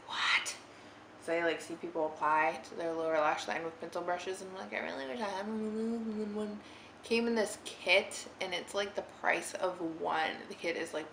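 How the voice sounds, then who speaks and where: A woman's voice: fairly low pitch, fairly bright tone, slight background noise. A young woman chatting casually through a makeup tutorial in her living room, rambling and giggly with lots of "like". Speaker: beauty vlogger. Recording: roomy living room with faint ambience.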